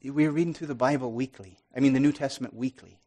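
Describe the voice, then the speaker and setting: A man giving an earnest sermon testimony, restarting often and swinging from loud to soft. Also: medium pitch, fast talker.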